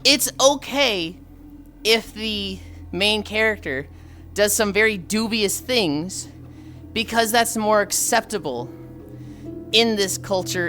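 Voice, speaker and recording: A woman's voice: medium pitch, a bit bright. A woman streamer chatting casually, thinking aloud with frequent sighs and reading chat aloud. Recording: faint music behind.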